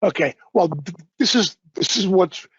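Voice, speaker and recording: Male presenter, informal webinar demo, fairly high raspy voice, muffled lo-fi call sound. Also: lively intonation, moderate pace, dry recording. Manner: informal, apologetic, loosely unscripted. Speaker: software presenter. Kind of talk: live software demo webinar.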